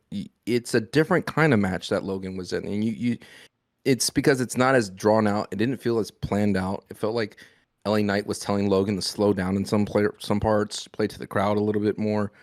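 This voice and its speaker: A man's voice: on the low side, fairly even intonation, moderate pace, dry recording, studio quality. A man co-hosting a wrestling podcast in casual chat, playful and argumentative. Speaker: podcast co-host.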